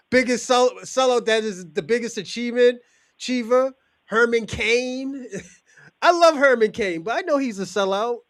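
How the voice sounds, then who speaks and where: A man's voice: sits high, dry recording. A male host in casual chat, loose and joking, laughing often and using street slang.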